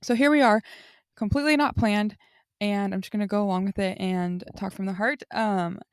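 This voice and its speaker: A woman's voice: medium pitch, normal speed, smooth, no echo, clean studio sound. A young woman hosting a podcast, talking from the heart in a rambling, casual way, with lots of "like" and restarts. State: tearful. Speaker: podcast host. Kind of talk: casual unscripted monologue.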